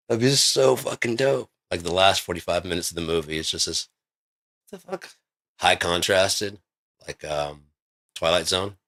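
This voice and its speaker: A man vlogging in a casual, rambling monologue, swearing often and getting excited as he pitches his ideas. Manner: rambling, profane, excitable storytelling.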